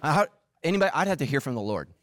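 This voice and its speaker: Animated male pastor, lively delivery. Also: fairly high pitch, very fast. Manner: animated, acts out voices and quotes. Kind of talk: humorous sermon.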